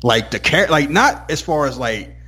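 A man's voice: fairly high pitch, animated, normal speed, pushed and bright, soft background music. A man co-hosting a casual talk podcast, telling stories in a laid-back way and slipping into impressions of others. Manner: laid-back storytelling, drifts into mimicking others. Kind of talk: casual chat.

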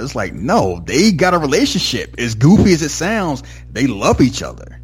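A man's voice: medium pitch, sing-song, normal speed, few pauses, faint music behind. A man chatting casually about a film he saw, rambling with lots of "like" and "you know", sometimes acting out the lines. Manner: enthusiastic, acts out movie lines. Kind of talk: casual movie discussion.

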